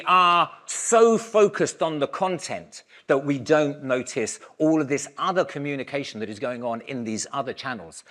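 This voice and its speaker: A man giving a conference keynote, talking in a lively, conversational way and raising his voice to give the audience instructions. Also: medium pitch, moderate pace, hardly any pauses. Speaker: keynote speaker.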